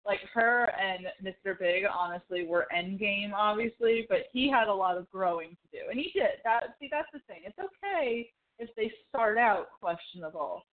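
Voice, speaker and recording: A woman co-hosting a casual chat, telling a long story in a rambling, animated way full of "like". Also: medium pitch, moderate pace, few pauses. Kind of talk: casual chat recapping a TV show. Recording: phone-like narrow sound.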